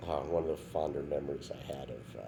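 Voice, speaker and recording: A man's voice: rumbling low, quick pace, gravelly, background noise. A man guest on a casual podcast, telling a story and often checking in with "right?" and breaking into laughter.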